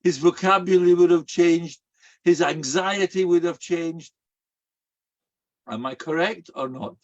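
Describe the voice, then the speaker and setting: An older man, a rabbi giving a storytelling sermon in an animated way. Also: fairly high pitch, unhurried, highs cut off. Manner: animated, acts out quoted voices.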